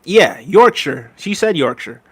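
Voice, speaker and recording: A man with a slightly higher-pitched voice hosts a relaxed livestream, reading viewer comments aloud. He answers each one in an easygoing, chatty way and chuckles often. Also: measured pace, slightly rough. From United States. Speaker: livestream host.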